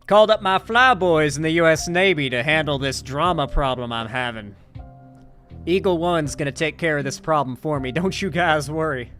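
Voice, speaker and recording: A man's voice: fairly high pitch, normal speed, a bit bright, faint music behind. Profane man streaming political commentary. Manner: rambling, profane, sarcastic asides. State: sore throat. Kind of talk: casual live-stream commentary.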